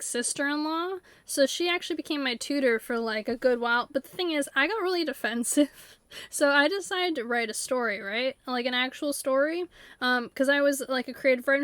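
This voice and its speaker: High-voiced rambling woman streamer. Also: a little fast, a bit bright, no echo. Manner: rambling, filler-heavy, bursts into silly character voices. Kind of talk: casual chat while live-streaming a game. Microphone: desktop USB mic.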